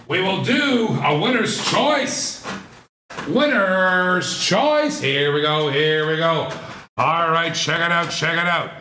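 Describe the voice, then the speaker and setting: A man's voice: sits high, a little slow, bright, forceful tone, roomy sound, a little hiss or hum. A man hosting a live online auction, with playful, rhythmic, repetitive patter. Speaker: auctioneer and channel host.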